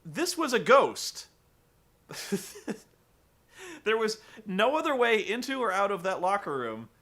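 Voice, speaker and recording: A man casually recapping a wrestling show, animated and joking, swearing freely. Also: sits high, slow. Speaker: podcast host recapping wrestling. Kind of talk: casual chat.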